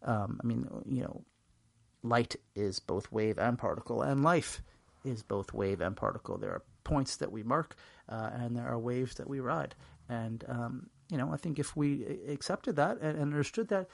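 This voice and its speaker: A man's voice: mid-range voice, sing-song, normal speed, vocal fry, dry recording. A man giving a rambling, self-mocking comedic answer in an interview, full of fillers and restarts. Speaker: interview guest.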